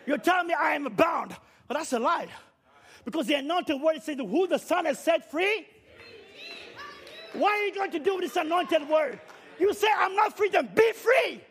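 Guy preaching loud and high-pitched, hammering the same question again and again. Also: animated, moderate pace, some chatter behind. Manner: shouting, repetitive rhetorical questions, swings to low quiet passages. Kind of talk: fiery sermon.

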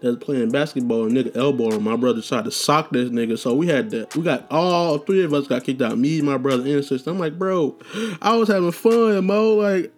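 A man's voice: medium pitch, a little fast, hardly any pauses, a little mellow. A young man hosting a casual storytelling podcast, talking loose and profane with slang, restarts and tangents. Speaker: podcast host.

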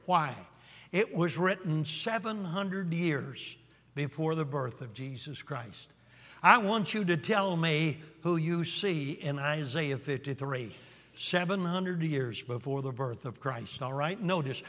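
A high-pitched man with a bright, ringing voice preaches a dramatic revival sermon. He swings from hushed, drawn-out lows to booming cries, and his voice trails off into the long reverb of a large hall. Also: expressive.

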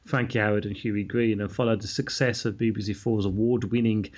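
A man's voice: lowish voice, steady tone, a little fast, darkish tone. A man hosting a casual podcast chat, reading facts aloud from notes with frequent ums and uhs. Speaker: podcast host. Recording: slightly dull lo-fi sound.

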